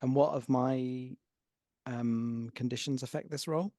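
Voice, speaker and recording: Joking, laughing man as a tabletop player; mellow voice, dry recording. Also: mid-range voice, steady tone, measured pace, dry recording. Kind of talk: casual game table chat.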